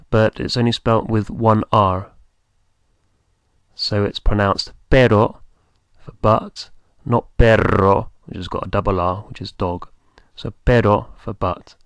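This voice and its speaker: A man's voice: lowish voice, no echo. A man teaching a beginner language lesson, patiently repeating and spelling out words.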